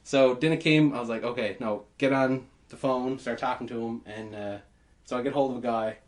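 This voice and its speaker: Animated, swearing man telling a story. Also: mid-range voice, a little fast. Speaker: podcast host. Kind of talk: casual storytelling chat.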